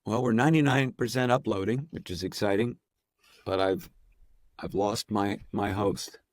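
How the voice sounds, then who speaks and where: Low-voiced man, playful and dry. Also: steady tone, normal speed, darkish tone, no room sound. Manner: playful, demonstrates voices while explaining. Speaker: actor and impressionist guest. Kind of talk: casual podcast interview.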